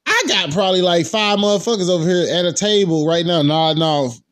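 A young man in his twenties spins a rowdy story with loose, profane slang and a lot of energy. His voice sits a little on the high side and sounds close and dry, with no room around it. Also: a little fast, no echo. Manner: animated and profane, heavy slang. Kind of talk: casual storytelling.

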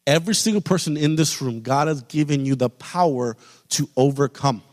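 A man preaching a sermon as pastor, building to loud, fervent peaks and then dropping soft. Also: a little high, moderate pace. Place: church sanctuary. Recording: long reverb of a large hall.

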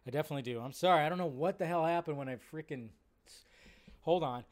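A man's voice: on the high side, fast. A man hosting a live movie-news stream, chatting casually and rambling with plenty of fillers. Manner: rambling, laid-back, lots of fillers. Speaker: live show host.

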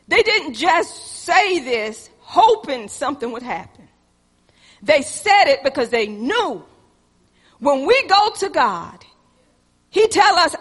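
A woman preacher delivering a passionate sermon, swinging between loud exhortation and hushed intensity. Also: sits high, very animated, takes it slowly, long pauses, in a large hall.

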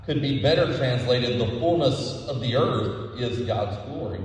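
A man preaching a sermon as pastor, with a measured, emphatic delivery that leans on repeated words. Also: mid-range voice, expressive. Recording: echoey hall from a distance.

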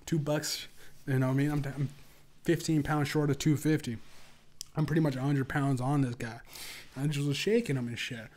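A man hosting a podcast, telling a profane story casually and acting out other people's lines in a higher voice. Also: moderate pace. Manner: profane, animated, acts out quotes in a higher voice. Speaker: podcast host.

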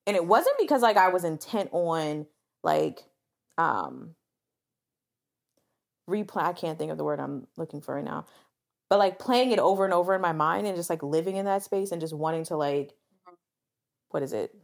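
A woman's voice: on the low side, normal speed, long pauses. A woman co-hosting a podcast in casual chat, talking openly and animatedly about her feelings, filling her speech with "like" and acting out what people said. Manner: chatty, animated, confessional, leans on "like" and acts out quoted voices. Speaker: podcast co-host.

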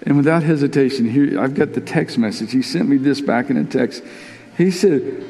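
A man's voice: medium pitch, moderate pace, vocal fry, mellow, soft background music. A man preaching a sermon as pastor, earnest and openly emotional, often repeating his words as he urges the congregation. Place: church sanctuary. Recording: long reverb in a big church hall.

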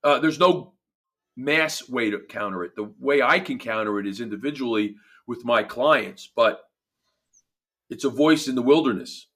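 A man's voice: medium pitch, moderate pace, fairly bright tone. A man with a New Jersey accent, a performance coach talking emphatically in a casual podcast chat, often restarting his phrases.

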